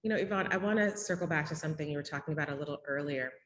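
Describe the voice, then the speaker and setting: Woman interviewer, low voice, roomy echo, faint background noise. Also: rapid-fire, fairly bright tone. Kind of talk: virtual panel interview. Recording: echoey room with faint noise.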